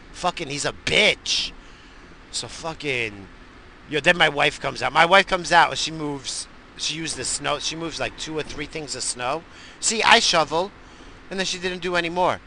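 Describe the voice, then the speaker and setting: A middle-aged man from the New York area hosts a podcast, with a gravelly, very bright voice. He rambles through crude, boisterous stories full of profanity. A faint noise sits under the recording. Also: mid-range voice. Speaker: podcast host. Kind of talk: profane casual monologue.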